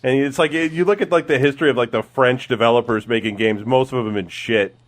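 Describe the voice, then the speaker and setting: A man's voice: medium pitch, fast talker. A man on a casual podcast, talking bluntly and swearing, laughing as he goes. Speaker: podcast co-host.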